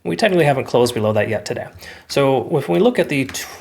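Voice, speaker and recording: A man's voice: mid-range voice, expressive, fast, gravelly, a little mellow. A man hosting a crypto market video, casually walking viewers through chart analysis and calling them folks. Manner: conversational, filler-heavy, addresses viewers as folks.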